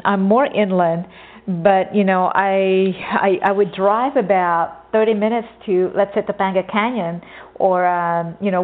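A young woman from California talking casually as a podcast host, rambling and conversational, often circling back to earlier points. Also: medium pitch. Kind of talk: casual informational monologue. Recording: tinny phone-like audio.

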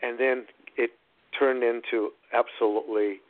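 A middle-aged man, an actor and producer, retelling his story in an animated, rambling way with many restarts. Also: mid-range voice, a little slow, no echo. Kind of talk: storytelling in a phone-in interview. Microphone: phone line. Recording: phone-line radio call-in.

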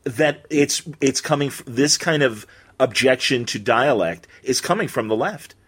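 A man's voice: medium pitch, animated, a little slow, fairly bright tone, breathy edge. A man hosting a podcast, talking conversationally and often saying "man" and "you know". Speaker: podcast host. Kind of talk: casual interview chat.

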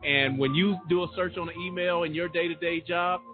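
A man talks on a radio show in an animated, emphatic way. His voice is a little high and sounds tinny over the phone line, with faint music behind it. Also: a little fast. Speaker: radio co-host. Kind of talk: casual radio talk.

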